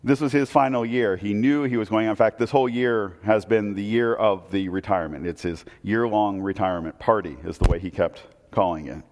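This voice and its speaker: A man preaching a sermon, telling a story that swings between loud excitement and hushed, intense moments. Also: lowish voice, a little fast, hardly any pauses. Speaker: pastor. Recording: long hall reverb.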